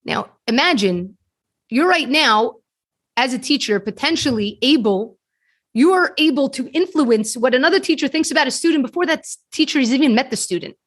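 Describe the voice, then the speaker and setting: A woman's voice: sits high, lively intonation, normal speed. A woman guest on a podcast, telling a story earnestly and repeating words as she gets going. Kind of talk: storytelling in conversation. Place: podcast studio.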